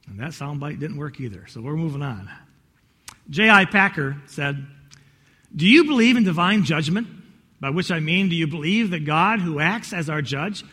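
A male pastor preaching a sermon, telling a story in an animated, folksy way with many restarts, in a church. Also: on the high side, moderate pace, long pauses, slightly rough. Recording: echoey hall.

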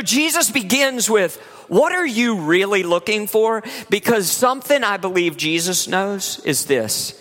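A man from Virginia, preaching a sermon in a lively, conversational way in a church. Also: sits high. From West Virginia. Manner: lively, conversational preaching with laughs and acted asides. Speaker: pastor. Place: church sanctuary. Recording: long hall reverb.

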